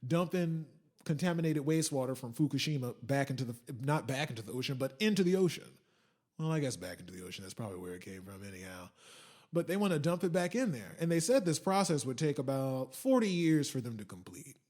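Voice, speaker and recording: A man's voice: mid-range voice, sing-song, fast talker, a little mellow. A man hosting a casual solo podcast, rambling and swearing, switching into mocking quoted voices. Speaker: podcast host.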